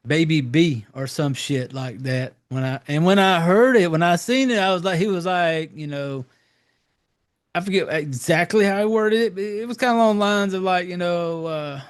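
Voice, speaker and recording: A man talks through a horror film's plot in a loose, meandering way, dropping curses and filler words as he goes. His voice sits a little high for a man. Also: smooth. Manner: rambling, profane, loose storytelling with fillers. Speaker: podcast host. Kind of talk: casual movie recap.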